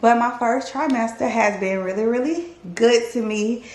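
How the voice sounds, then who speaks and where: A woman's voice: on the high side, normal speed, a little mellow. Give me a chatty, candid woman vlogging to her viewers, with a roomy echo on the recording. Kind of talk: casual talking-to-camera vlog.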